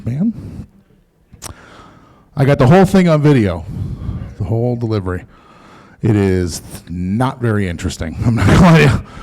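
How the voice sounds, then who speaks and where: A man performs a stand-up comedy set in a comedy club, talking in a loose, profane, conversational way and mocking the voices of people he quotes. His voice is medium-pitched with a warm tone.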